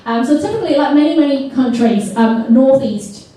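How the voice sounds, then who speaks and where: A woman leading an interactive seminar for teachers. She talks in a lively way, puts questions to the audience and mimics accents. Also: high-pitched, normal speed. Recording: echoey hall from far off.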